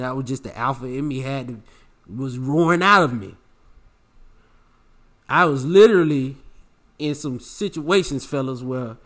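A young man delivers a self-help podcast monologue. His voice sits somewhat high for a man. He talks with brash, preachy swagger and heavy slang. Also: fairly bright tone. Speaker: podcast host.

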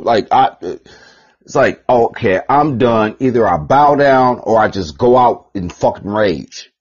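Profane ranting man, husky lo-fi voice. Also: medium pitch, lively intonation, measured pace. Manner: profane, rambling, repeats phrases, swings between loud and muttered. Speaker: podcast host. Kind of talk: ranting monologue. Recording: dull lo-fi podcast recording.

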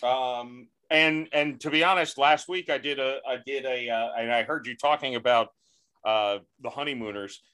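Bright-voiced man rambling self-deprecatingly. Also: medium pitch, normal speed, clean tone. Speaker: comedian guest. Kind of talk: casual comedy podcast chat.

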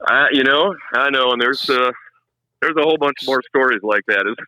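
A middle-aged man, long a race track announcer, tells stories a little fast in a medium-pitched voice, acting out quotes like an animated storyteller in a casual chat. A crowd can be heard in the background, and the recording is rough.

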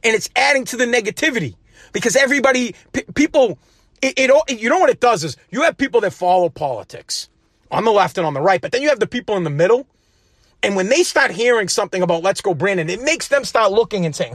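A man's voice: sits high, big pitch swings, fast talker, a bit bright, no room sound, studio quality. A man from Massachusetts, hosting a podcast in a rambling, profane, combative rant. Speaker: podcast host. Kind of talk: casual political rant.

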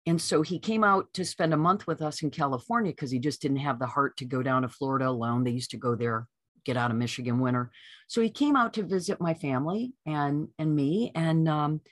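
A woman being interviewed as an author, telling a personal story in a lively way and acting out what people said. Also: deep voice, a little fast, dry recording, clean studio sound. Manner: lively storyteller who acts out quoted voices. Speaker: author guest.

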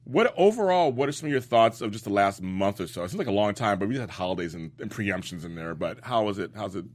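A man's voice: fairly low pitch, animated, quick pace. A man co-hosting a casual talk show aftershow, chatty and laughing often. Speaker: co-host. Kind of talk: casual chat.

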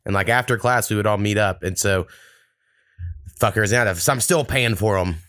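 A man's voice: on the low side, moderate pace, a bit bright, dry recording, studio quality. A man hosting a podcast, telling blunt, swear-laden stories in casual chat. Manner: blunt, swears freely, storytelling. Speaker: podcast host.

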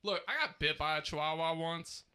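A man's voice: fairly high pitch, brisk, pushed and bright, smooth. A man in his thirties co-hosting a podcast, ranting animatedly with lots of swearing in casual chat. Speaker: podcast co-host.

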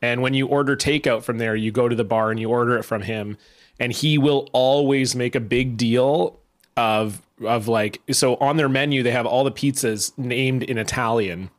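Wry man with an even, mid voice. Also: mid-range voice, normal speed. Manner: wry, exasperated storyteller. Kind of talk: casual comedic chat.

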